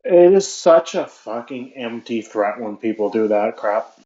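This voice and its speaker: A man's voice: mid-range voice, lively intonation, measured pace, dark tone, highs cut off. A man co-hosting a podcast, chatting casually in a blunt, profane way. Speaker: podcast co-host. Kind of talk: casual chat.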